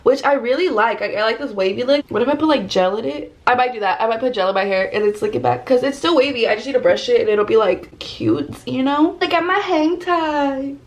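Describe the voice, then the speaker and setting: Young cali girl doing a grwm vlog in her room, nervous rambly chat, tons of "like" and slang, kinda high voice. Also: fast talker, few pauses. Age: young adult. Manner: rambling, anxious, slangy, says "like" constantly. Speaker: vlogger. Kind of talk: casual get-ready-with-me vlog chat. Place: bedroom at home.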